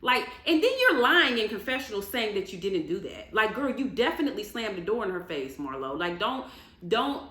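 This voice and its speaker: A woman giving casual reaction commentary on a reality show, animated and indignant as she rants. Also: medium pitch, fairly quick. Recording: echoey room.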